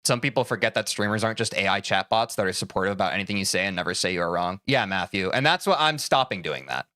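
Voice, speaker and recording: A young man streaming live, heated and swearing as he talks to his chat about boundaries, then calming into careful apologies. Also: low voice, fast talker, dry recording, clean studio sound. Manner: heated, swears a lot, switches to calm apologies.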